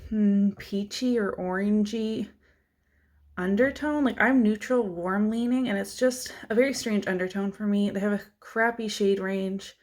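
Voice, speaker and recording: A woman's voice: mid-range voice, steady tone, measured pace, darkish tone. A young adult woman vlogging in a casual, chatty and self-deprecating way, laughing often as she goes through her makeup drawer. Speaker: beauty vlogger. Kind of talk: casual chat.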